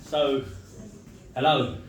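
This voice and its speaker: A man doing a stand-up comedy set, telling jokes in a deadpan storytelling way and chuckling at his own punchlines. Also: mid-range voice, extremely slow. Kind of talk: stand-up set with crowd work. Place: comedy club stage. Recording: echoey club room, mic far off.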